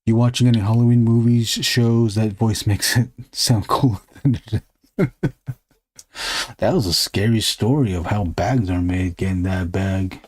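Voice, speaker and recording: A man's voice: low-pitched, a little slow, pauses often, husky, no echo. A man hosting a drawing live stream, chatting casually in a rambling, joking way and swearing freely. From United States. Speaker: artist and live stream host.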